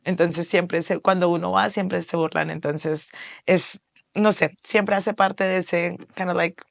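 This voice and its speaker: Low, gravelly young woman from Colombia. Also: moderate pace, dry recording, studio quality. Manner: animated, laughs often, switches between English and Spanish. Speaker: interview guest. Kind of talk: casual interview.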